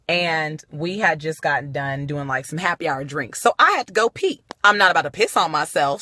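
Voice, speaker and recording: A woman telling a comic story to her followers with animated, profane exclamations, recorded on a phone. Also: lowish voice. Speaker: vlogger.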